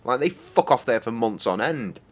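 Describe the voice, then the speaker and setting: A man's voice: medium pitch, expressive, moderate pace. A man in his thirties streaming a game, rambling and joking with lots of swearing. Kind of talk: casual game stream commentary.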